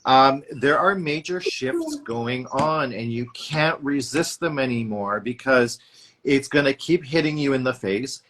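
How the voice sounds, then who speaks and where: Bright-voiced man hosting a tarot chat. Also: medium pitch, lively intonation. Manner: enthusiastic, halting with fillers and restarts. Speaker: tarot reader and host. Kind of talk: casual spiritual chat.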